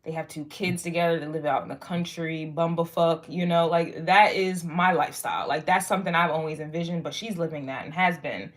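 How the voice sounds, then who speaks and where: A young woman giving a casual spoken astrology reading to viewers, rambling and frank, swearing freely and filling pauses with "like" and "um". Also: low voice, fairly even intonation. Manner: rambling, frank and profane, lots of fillers. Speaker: tarot and astrology reader.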